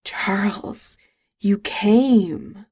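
A quiet, emotional man in a romance audiobook, read by a woman in a hushed, near-whispered voice. It is slow and gravelly, recorded dry and close. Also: medium pitch, steady tone, dry recording, heavily acted.

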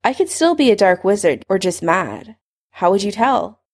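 A woman's voice: mid-range voice, sing-song, normal speed. A woman voicing a young male wizard who speaks in a wary, blunt way.

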